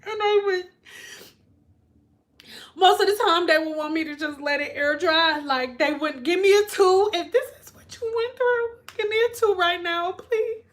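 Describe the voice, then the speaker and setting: A woman vlogger telling a story in casual chat, animated and laughing, often mimicking other people's voices. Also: very high voice, normal speed.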